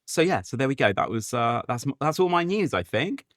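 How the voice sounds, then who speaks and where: A man's voice: medium pitch, sing-song, a little fast, a bit bright, no room sound. A man with a southern English accent, co-hosting a podcast in casual chat, often restarting his sentences. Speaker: podcast co-host.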